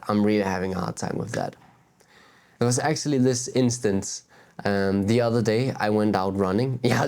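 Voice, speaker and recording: With a fairly low, clean-toned voice, a man from Denmark muses on spiritual topics to the camera from a beach. The spiritual vlogger is candid and animated, swearing and chuckling at his own expense.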